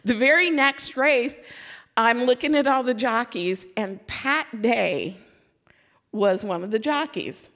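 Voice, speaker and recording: A woman from Louisville giving a sermon as a lively personal story, acting out her own excitement and letdown. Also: fairly high pitch, slow. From Louisville, Kentucky. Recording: long hall reverb.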